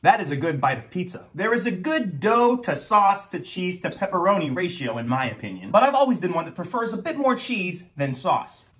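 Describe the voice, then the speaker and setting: A man's voice: sits high, very animated, fairly quick, few pauses, fairly bright tone. A young man hosting a food review vlog, joking and making theatrical announcements between bites. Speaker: food vlogger. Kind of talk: upbeat pizza review vlog.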